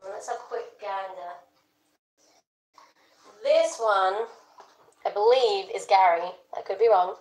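A woman's voice: mid-range voice, slow, pauses often, darkish tone. A young woman chatting playfully on a live stream, talking to her pets and her viewers. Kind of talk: casual live-stream chat. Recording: echoey room.

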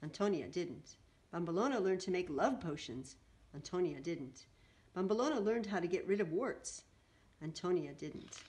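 Lady reading a kids' picture book out loud, lively up-and-down voice, expressive. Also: lowish voice, normal speed. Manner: expressive, animated read-aloud. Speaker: storybook reader.

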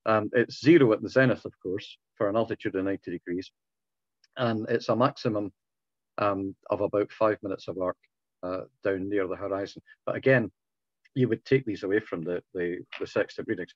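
A man whose voice is going hoarse talks a society through a technical subject, stopping and restarting his phrases as he goes. The call audio is dull and muffled, with a dry sound and no room echo. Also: on the low side. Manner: halting, patient explaining with many restarts. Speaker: club speaker. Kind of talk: informal talk answering questions.

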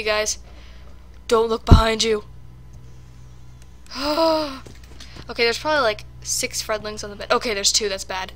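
Bright-voiced woman narrating a horror game. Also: fairly high pitch, fairly even intonation, moderate pace, pauses often. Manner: jittery, talks to viewers while playing a horror game. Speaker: gaming commentator. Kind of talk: casual let's-play commentary.

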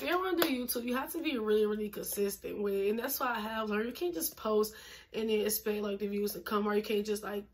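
Chatty twenty-year-old woman vlogger. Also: on the high side. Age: 20s. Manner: chatty, emphatic, uses lots of fillers and laughs. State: out of breath, pregnant. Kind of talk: casual chat to camera.

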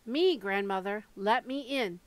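A woman's voice: mid-range voice, measured pace, no room sound, close to an everyday voice, low-quality recording. A woman reading aloud and voicing a frightened, earnest young girl who pleads. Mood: anxious.

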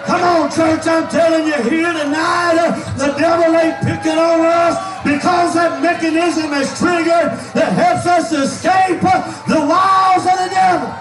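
Shouting preacher in an echoey church. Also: male voice, very high-pitched, steady tone, unhurried, hardly any pauses, recorded from a distance, crowd noise. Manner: Southern preacher cadence, shouts and half-sings lines. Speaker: pastor. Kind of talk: shouted holiness sermon. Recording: echoey church sound from afar, music and congregation.

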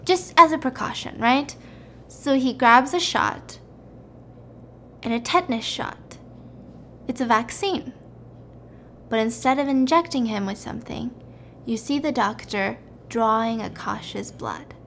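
High-pitched woman host, animated and chatty, casual storytelling. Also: unhurried, pauses often, slight background noise. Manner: animated, chatty, acts out quotes. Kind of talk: casual storytelling of a movie plot.

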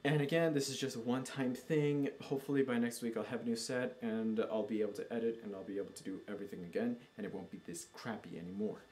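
A man's voice: lowish voice, steady tone, a little mellow, slight background noise. A man hosting his own video show, chatting casually and mocking himself while he reads out viewers' comments, recorded on a laptop's built-in mic. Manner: rambling and self-mocking, slow-paced. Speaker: show host. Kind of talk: casual unedited video chat.

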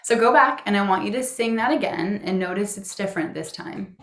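Calm woman coaching a tapping session. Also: mid-range voice, a little fast, echoey room. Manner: calm coaching, gives phrases to repeat. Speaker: EFT practitioner.

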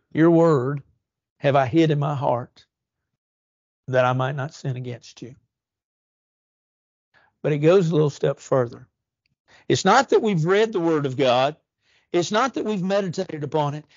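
A man preaches a church sermon earnestly, slowly drawing out important words and using rising emphasis. His voice is a touch high yet darkish in tone, captured close-up and dry with no room sound and a slightly muffled, dull character.

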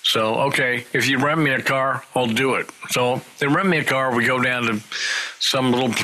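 Bright-voiced man telling road stories. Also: medium pitch, normal speed, low-quality recording. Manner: animated storyteller acting out quoted voices. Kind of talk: casual storytelling interview.

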